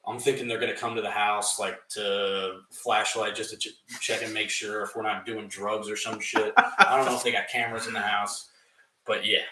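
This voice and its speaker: A young man co-hosting a podcast, telling a story casually, animated and swearing, often laughing and acting out other people's voices. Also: on the low side, moderate pace, roomy sound, far from the mic, a crowd in the background, low-quality recording. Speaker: podcast co-host.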